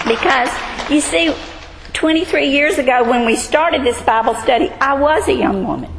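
A woman in her sixties teaching a Bible study in a high, earnest voice. She talks emphatically to a room of women. A long hall reverb trails her words over a faint background hum. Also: normal speed, gravelly. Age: 60s. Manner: earnest, emphatic, emotional at times.

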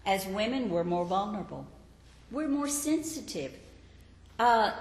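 Animated woman teaching a sermon. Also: mid-range voice. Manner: animated, emphatic, expressive. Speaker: Bible teacher. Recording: echoey hall, faint background noise.

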